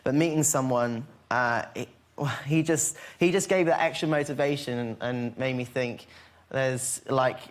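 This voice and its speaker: A man talking as a chat-show guest, earnest and halting, trailing off as he searches for words. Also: mid-range voice. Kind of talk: casual chat.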